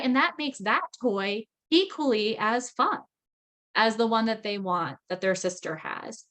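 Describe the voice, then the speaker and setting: A woman in her thirties giving a parenting training talk, chatty, with frequent "right?" checks, acting out parent and child lines in a lively voice. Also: mid-range voice, moderate pace. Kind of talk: recorded training lecture.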